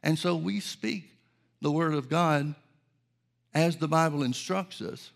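A man preaching a sermon in a measured, emphatic teaching manner, repeating key phrases for weight. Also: on the high side, gravelly.

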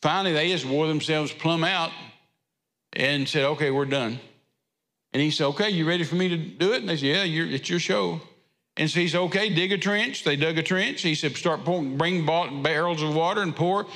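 High, bright preacher man. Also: brisk. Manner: folksy storytelling with drawled asides. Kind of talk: sermon. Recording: echoey hall reverb.

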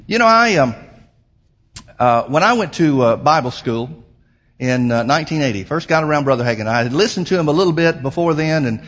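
A middle-aged male pastor delivering a sermon in a fairly high voice. He drives his points home with rising, emphatic stresses. When he tells a story he turns loose and rambling, with plenty of ums and uhs. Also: animated, fairly quick, fairly bright tone.

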